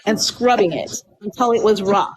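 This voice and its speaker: A woman from Colombia telling a personal story on a live stream in an earnest, measured way with many fillers and restarts. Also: medium pitch, noisy background.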